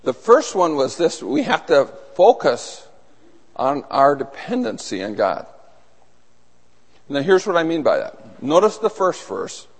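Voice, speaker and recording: A man preaching a sermon to a small group, husky and losing his voice, earnest and building to urgent emphasis. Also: a little high, very animated, unhurried. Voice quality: husky, throat-clearing. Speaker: pastor. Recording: long hall reverb.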